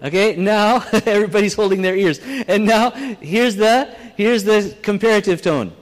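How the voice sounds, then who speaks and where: A man's voice: high voice, moderate pace, slight background noise. A man preaching a sermon to a live congregation, in a conversational, plain-spoken way with frequent restarts. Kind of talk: sermon with audience exercise. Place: church hall with audience. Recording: long hall reverb.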